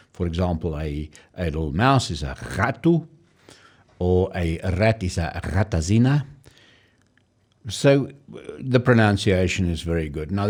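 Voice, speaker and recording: A man with a very low voice talks through a language-learning tutorial. He explains calmly, stopping to sound out foreign words slowly so the listener can follow. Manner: explanatory, pausing to demonstrate pronunciations. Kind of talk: casual screen-share tutorial.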